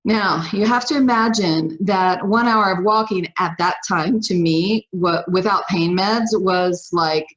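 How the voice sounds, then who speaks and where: A woman guest on a podcast, telling her own story in an emphatic, animated way and acting out the dialogue. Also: fairly low pitch, poor audio. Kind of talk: personal storytelling.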